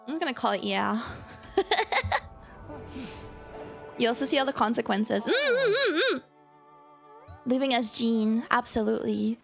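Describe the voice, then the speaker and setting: A woman streaming a game and chatting casually with viewers. Her voice sounds strained and tired, and she is excitable and apologetic, breaking into loud squeals. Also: fairly high pitch, normal speed, creaky, long pauses, soft background music. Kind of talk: casual gameplay chat with viewers.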